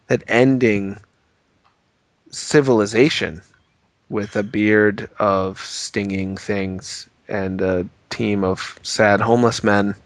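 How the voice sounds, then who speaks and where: A man's voice: fairly low pitch, steady tone, slow, no room sound. A man co-hosting a comedic podcast, rambling and hesitant, full of ums and restarts. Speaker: podcast co-host.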